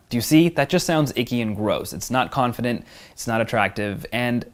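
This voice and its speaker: A man's voice: on the low side, fairly quick, few pauses. A man who is a pickup coach, teasing women in street demos and explaining his technique in a commanding voice-over with downward inflection.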